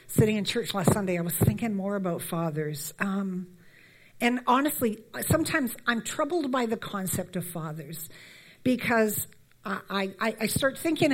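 Woman in her fifties, church talk, chatty storytelling, lots of ums, friendly asides, mid-pitched voice. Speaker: church speaker. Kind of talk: conversational sermon.

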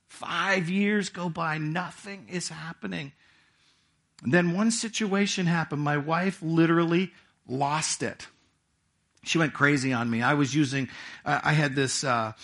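A man's voice: a little high, a bit bright. Storytelling man preaching a sermon. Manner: storytelling, conversational with audience asides. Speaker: pastor. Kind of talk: sermon testimony.

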